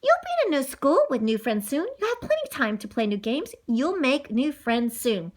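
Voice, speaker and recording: A woman's voice: sits high, sing-song, moderate pace. A woman doing a stern scolding mom. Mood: soothing. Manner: scolding, raised voice. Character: stern but caring mother.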